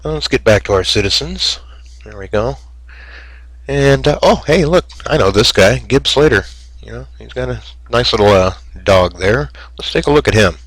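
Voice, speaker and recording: A man's voice: medium pitch, expressive, normal speed, a bit bright, no room sound, low-quality recording. A man giving casual, rambling commentary over a game screencast, with many fillers and self-mocking jokes. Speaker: gamer narrating a screencast.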